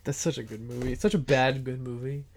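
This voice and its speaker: A man's voice: medium pitch, steady tone, fast, creaky, a crowd in the background. A man hosting a podcast in casual chat, telling stories in a rambling way with restarts. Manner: rambling storyteller with many restarts. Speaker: podcast host.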